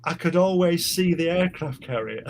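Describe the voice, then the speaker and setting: A man's voice: on the high side, animated, moderate pace, a little hiss or hum. A man telling stories in casual podcast chat, rambling and repeating words as he goes.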